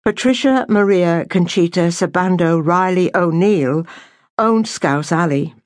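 A woman reading an audiobook novel aloud in a measured, unhurried storytelling manner. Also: on the low side, a little mellow, dry recording, studio quality. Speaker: audiobook narrator. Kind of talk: scripted narration.

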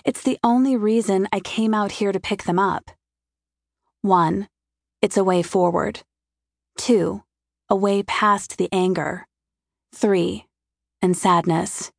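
A woman's voice: medium pitch, fairly even intonation, slow pace, gravelly, long pauses, no echo. A woman giving a wry, intimate first-person audiobook narration, recorded in a studio. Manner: wry, intimate inner monologue.

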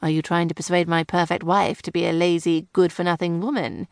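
A woman's voice: lowish voice, little pitch movement, fairly quick, smooth, no room sound, clean studio sound, lightly acted. A woman voicing a married man who teases a friend. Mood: teasing. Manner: teasing. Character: teasing husband, married man.

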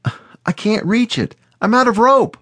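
A meek teenage boy answers in a raised, boyish pitch, sorry and obedient, voiced by a male narrator. The sound stays close and dry. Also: measured pace, fairly bright tone, no echo. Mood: calling out. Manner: meek, apologetic, then strained calling out. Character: teenage boy, older brother, meek and apologetic.

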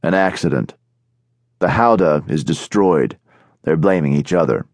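A man voicing a gruff, mocking heavy-set caravan guard in an audiobook. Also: a bass voice, a little slow, dry recording, clean studio sound, full character voice.

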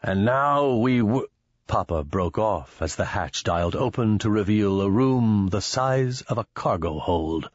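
A man narrating an audiobook in a steady, measured way, close to a studio mic. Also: low voice, breathy edge, no room sound, muffled recording. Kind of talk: scripted narration.

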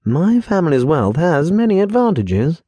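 A man's voice: on the high side, sing-song, moderate pace, dark tone, breathy edge, no room sound, pitched above the performer's own voice. A man reading the part of a nervous, well-bred pirate scoundrel who talks eagerly and wheedles, in an audiobook. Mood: persuasive. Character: nervous, pompous rich male pirate scoundrel.

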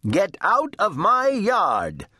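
A man voicing a stubborn, bossy elderly woman who shouts indignantly and emphatically. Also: mid-range voice, huge pitch swings, slow pace, husky, dry recording, clean studio sound, pitched above the performer's own voice, heavily acted. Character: bossy, stubborn older lady sister.

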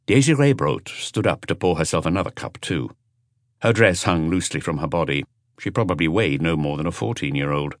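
A man narrating an audiobook in an expressive storytelling manner. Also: low-pitched, a little fast, no room sound, studio quality. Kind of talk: scripted narration.

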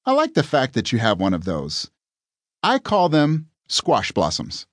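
A man's voice: medium pitch, huge pitch swings, unhurried, no echo, clean studio sound, voice pushed up. A man voicing a naive, eager first man in an audiobook, talking in a wide-eyed way. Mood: curious.

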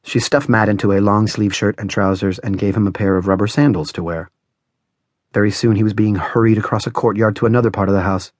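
A man narrates a novel in a measured, dramatic reading. His voice sits fairly low, and the recording is dry and close with no room sound. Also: fairly even intonation, no room sound. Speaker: audiobook narrator. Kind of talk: scripted narration.

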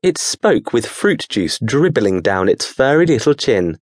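In this clip, a man narrates an audiobook at a steady, measured storytelling pace. His voice sits in the mid range, and the recording is clean studio audio with no echo.

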